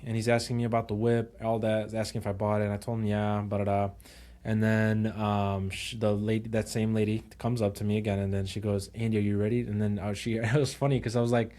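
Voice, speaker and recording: Casual storytelling man, low voice. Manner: animated retelling, acts out quotes; code-switches into Spanish. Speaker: podcast co-host.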